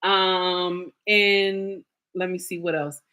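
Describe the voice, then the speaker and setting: A woman's voice: lowish voice, fairly even intonation, extremely slow, sharp tone. A woman hosting a casual livestream, chatting playfully with her viewers and calling them by name. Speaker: livestream host.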